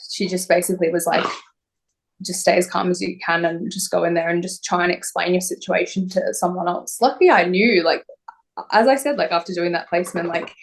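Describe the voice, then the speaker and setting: Young woman recounting a hard experience, lots of likes and restarts, kinda low voice. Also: creaky, a little hiss or hum. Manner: emotional, halting, many fillers. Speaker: interview guest. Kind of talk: telling her story in an interview.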